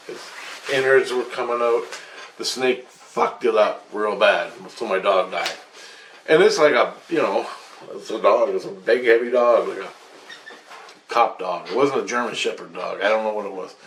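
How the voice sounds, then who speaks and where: A man tells a long dream story in a loose, rambling monologue, swearing often and growing agitated as he talks. His voice sits at an ordinary middle pitch. It sounds like a bare, echoey room with a faint hiss underneath. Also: a bit bright. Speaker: vlogger recounting dreams.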